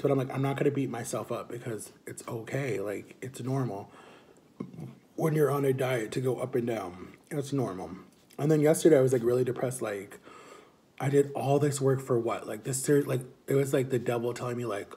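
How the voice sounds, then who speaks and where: A man's voice: mid-range voice, normal speed, darkish tone. A man chatting casually and upbeat in a vlog, filling his talk with "like". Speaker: vlogger.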